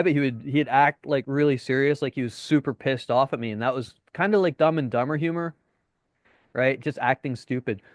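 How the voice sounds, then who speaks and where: A man coaching on dating in a casual webinar, speaking at a middle pitch. He curses freely and acts out the voices of people he quotes. The sound is dry and close. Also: fairly even intonation, brisk, smooth, no room sound.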